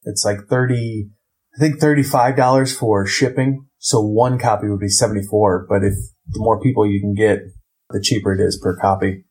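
A man from Ohio, co-hosting a casual board game podcast, explaining games in a relaxed, rambling way. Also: lowish voice, normal speed. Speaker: podcast co-host.

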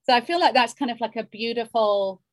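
A woman's voice: fairly high pitch, fairly quick, no room sound. A woman in her fifties, a novelist, musing in a rambling interview with many restarts. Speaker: novelist guest. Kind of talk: reflective interview conversation.

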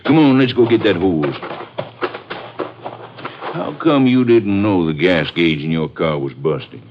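A man's voice: deep voice, expressive, a little slow, slight background noise. An older man playing a folksy small-town constable in 1950s radio drama acting. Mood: genial. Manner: easygoing folksy drawl. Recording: muffled old radio broadcast.

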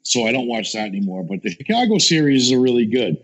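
A man chatting casually as a guest, telling lively stories, acting out quotes and swearing freely. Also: mid-range voice, fast talker. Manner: animated storyteller, acts out quotes, swears. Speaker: guest, chef. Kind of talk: casual chat.

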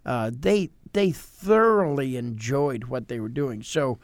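A man, a pastor hosting a podcast, telling a funny story with animated delivery. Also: medium pitch, slow pace, dry recording. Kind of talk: storytelling chat.

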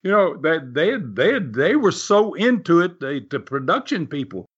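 Man, wrestling promoter recalling old stories, chuckling, voicing the people he quotes, lively pitch; dull lo-fi audio. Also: unhurried, slightly rough. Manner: animated, chuckles often, acts out quotes. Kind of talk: storytelling anecdote. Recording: dull lo-fi recording.

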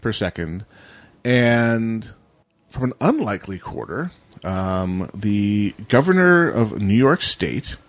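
A man's voice: fairly low pitch, sing-song, slow, no echo. A man co-hosting a casual tech news podcast, talking in a wry, rambling way with jokey asides. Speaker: podcast co-host.

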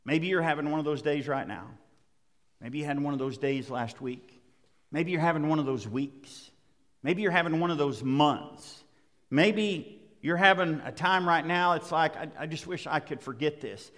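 A man preaching a sermon to his congregation, with emphatic delivery, dramatic pauses and building intensity. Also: on the high side, a bit bright. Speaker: pastor. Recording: long reverb of a large hall.

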